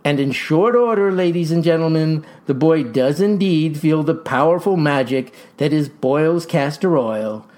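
An actor playing a folksy farmer pitching a tonic in a comic ad, with verbose, showman's patter. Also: moderate pace, hardly any pauses, a little mellow, natural voice. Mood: boastful pitch. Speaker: pitchman in a mock radio ad. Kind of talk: comic radio ad acting.

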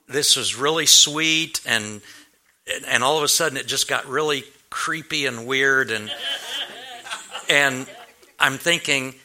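Bright-voiced man preaching a story. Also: medium pitch, takes it slowly. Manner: earnest, anecdotal, many fillers and restarts. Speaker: pastor. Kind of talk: storytelling sermon.

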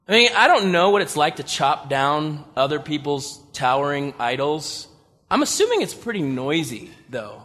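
A man preaching a sermon, animated and humorous, with incredulous asides. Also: a little high, normal speed. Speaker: pastor. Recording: long reverb of a large hall.

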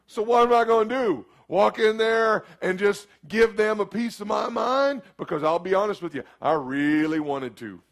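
A middle-aged man, preaching a storytelling sermon that swings from hushed asides to sudden shouts. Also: high-pitched, normal speed, few pauses. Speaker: pastor.

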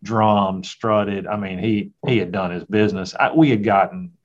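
A man's voice: on the low side, fairly even intonation, normal speed. A middle-aged man, a hunter and father, telling a folksy, reflective story in a casual conversation. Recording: dull, lo-fi sound.

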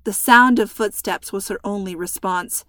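A woman narrating a story in an expressive, tense reading. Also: mid-range voice, unhurried, no room sound, clean studio sound.

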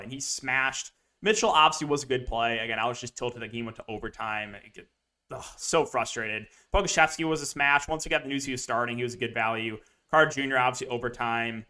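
A man's voice: mid-range voice, sharp tone. A young man hosting a fantasy sports show, talking casually and rambling through picks and a story with lots of fillers. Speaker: DFS analyst host. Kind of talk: casual sports betting podcast talk.

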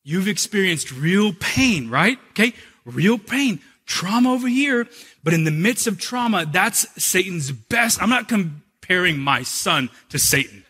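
A man preaching a sermon as a pastor, an animated storyteller who shifts from humor to earnest teaching. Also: high voice, measured pace, breathy edge.

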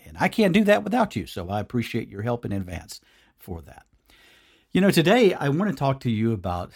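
A man's voice: mid-range voice, slightly rough. A man hosting a devotional podcast, talking earnestly and conversationally straight to the listener. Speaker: podcast host.

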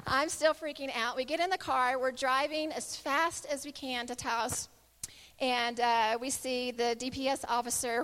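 A middle-aged woman giving a sermon, telling a personal story in an animated way and acting out the voices of the people in it. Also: sits high, a little fast, big-room sound. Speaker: speaker giving a Christian talk.

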